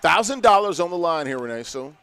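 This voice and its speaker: A man's voice: a little high, sing-song, brisk, sharp tone. A man giving casual live game commentary, easygoing and joking as he calls the plays. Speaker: esports commentator.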